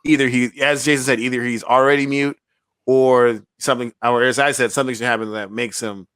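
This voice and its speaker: A man's voice: medium pitch, fairly even intonation, a little fast, a bit bright, clean tone, dry recording. A man co-hosting a podcast, joking around casually with frequent swearing and laughter. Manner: joking, profane, laughs often. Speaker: podcast co-host. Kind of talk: casual chat.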